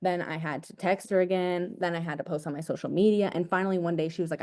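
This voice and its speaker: A young woman talks fast to her sales team, her voice low-pitched and mellow. She coaches with casual energy, repeating key lines and saying "dude" and "guys". It sounds like a video call. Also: steady tone. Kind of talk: motivational team talk.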